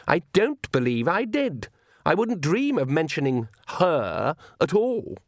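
A man's voice: mid-range voice, animated, slow pace, dry recording, studio quality, pitched above the performer's own voice. A man reading an audiobook, voicing a spoilt, cold teenage female vampire in a sneering, cutting way.

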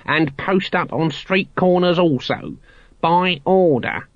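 A man reading aloud as an arrogant senior male palace guard who speaks slowly and pompously. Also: a little high, expressive, fairly bright tone, no room sound, dull audio, voice pushed up. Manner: pompous, slow, officious.

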